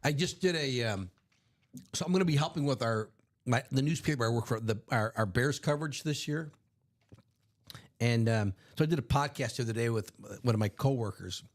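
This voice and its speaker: A man's voice: mid-range voice, fairly quick. A man hosting a live sports card break stream, chatting casually in a rambling, self-correcting way. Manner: rambling, self-correcting, chuckles at own stories.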